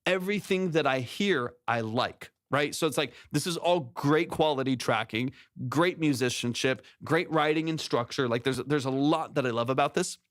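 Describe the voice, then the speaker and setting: A man's voice: mid-range voice, normal speed, dry recording. A man hosting a music production stream, giving casual technical feedback on a song's mix, rambling and correcting himself as he goes, close on a compressed studio mic. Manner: rambling, self-correcting, sings demo syllables. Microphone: close studio mic with vocal compression.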